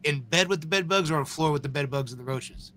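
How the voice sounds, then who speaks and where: A man's voice: fairly high pitch, quick pace, sharp tone, slight background noise. A man co-hosting a live stream, rambling and mocking as he reacts to a video. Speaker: stream co-host. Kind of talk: casual live-stream commentary.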